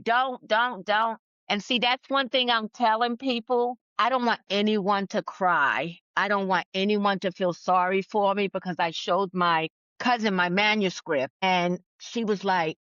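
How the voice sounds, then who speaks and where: A woman's voice: mid-range voice, unhurried, hardly any pauses, fairly bright tone, no room sound. A woman podcast guest who is a speaker and author. She reads a letter to her younger self earnestly, then chats candidly. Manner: earnest and affirming when reading, chatty and candid when talking. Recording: dull lo-fi audio.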